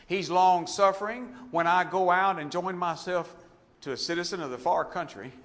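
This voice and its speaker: A man preaching a sermon with passion, shifting between loud emphasis and hushed, tender passages. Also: sits high. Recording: long hall reverb.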